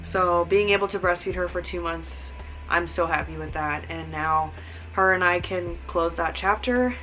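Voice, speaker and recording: Earnest young mom vlogger, bright voice. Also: female voice, lowish voice, normal speed, low-quality recording. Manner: earnest, rambling with many "like"s and "um"s. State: emotional, near tears. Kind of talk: casual heartfelt vlog talk.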